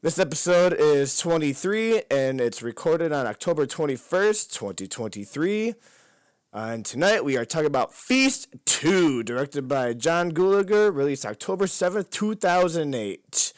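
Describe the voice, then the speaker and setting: A man's voice: a little high, moderate pace, dry recording. A man hosts a casual movie podcast, his voice rising and dipping a lot. The sound is dry and close, and he laughs and curses easily. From Wisconsin. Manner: animated, laughs often, swears. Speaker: podcast host.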